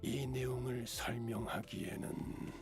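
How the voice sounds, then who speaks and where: An actor playing a weary, stern male guide in a game, speaking in a tired, gravelly voice. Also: mid-range voice, level tone, rapid-fire, music in the background, natural voice. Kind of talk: Korean game voice acting.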